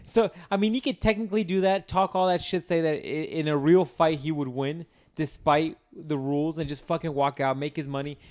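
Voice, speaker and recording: A man's voice: fairly high pitch, brisk, few pauses. A man co-hosting a podcast, chatting casually and telling rambling, profane stories with lots of fillers. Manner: rambling, profane, animated storytelling. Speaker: podcast co-host.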